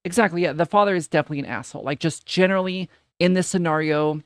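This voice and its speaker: Streamer, casual reaction talk, swears a lot, incredulous rants, mid-pitched voice, dry close sound. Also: rapid-fire, clean tone, no echo. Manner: profane, incredulous, rants with repeated phrases. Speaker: streamer reading and reacting to online posts.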